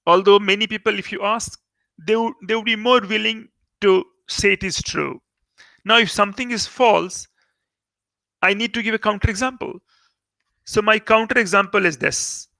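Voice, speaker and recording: A man's voice: high-pitched, fairly even intonation, normal speed, creaky, sharp tone, no echo. A man with an Indian English accent teaching calculus in a recorded lecture, explaining step by step and repeating key words for emphasis. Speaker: maths teacher.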